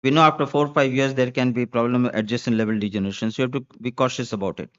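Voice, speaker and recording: A man's voice: mid-range voice, fairly even intonation, rapid-fire, a bit bright, clean tone, muffled recording. A man giving a medical conference lecture as a spine surgeon, emphatic and listing points, repeating key words for stress.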